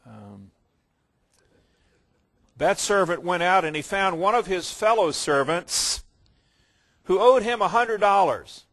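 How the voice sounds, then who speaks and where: A man preaching a sermon in a voice a little higher than most men's. He retells the story in his own words, sometimes soft and reflective, then rising to loud, stressed lines. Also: lively intonation, slow pace, gravelly, pauses often. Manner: storytelling, swings from quiet reflection to loud emphasis.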